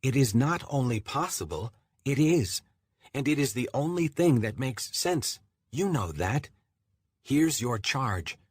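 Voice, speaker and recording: A man's voice: medium pitch, lively intonation, a little slow, slightly rough, no room sound, pitched above the performer's own voice. A man voicing an urgent, commanding male spirit-like personality shard in an audiobook. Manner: insistent, urgent questioning.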